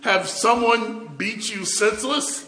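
A man's voice: high voice, slow pace, sharp tone, pitched above the performer's own voice, exaggerated voice. A man acting out a stern, exasperated father scolding his son during a sermon. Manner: incredulous scolding.

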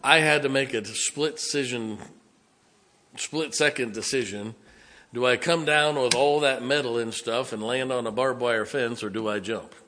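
A man's voice: medium pitch, sharp tone, a little hiss or hum. A man, a pastor telling a story in a folksy, conversational sermon. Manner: folksy, conversational, dramatic pauses.

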